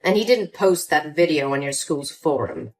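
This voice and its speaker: A woman's voice: low-pitched, moderate pace, voice pushed down, close to an everyday voice. A woman voicing a scheming, manipulative older mother in a dramatized story, sweet on the surface and cold underneath. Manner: sweet at first, then cold and dismissive. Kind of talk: scripted story voice acting.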